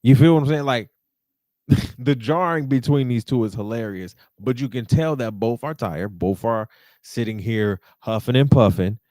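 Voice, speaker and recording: A man hosting a podcast, giving an animated, slangy recap of a manga chapter. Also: mid-range voice, normal speed, no echo, clean studio sound. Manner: animated, slangy, repeats "you feel what I'm saying". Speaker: podcast host.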